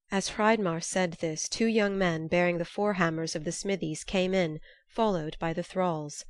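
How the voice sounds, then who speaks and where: A woman narrating a storybook in a steady, measured reading. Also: on the low side, no room sound, studio quality.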